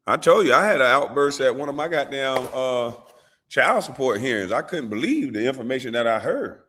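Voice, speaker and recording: A man hosting a show, talking in casual, animated and profane commentary. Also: mid-range voice. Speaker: show host.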